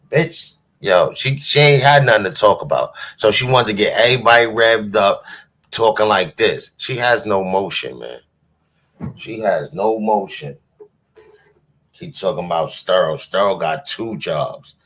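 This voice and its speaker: A man's voice: fairly low pitch, lively intonation, unhurried, a bit bright. A man hosting a livestream, giving casual, dismissive commentary. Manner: dismissive, mocking, loose. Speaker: livestream host.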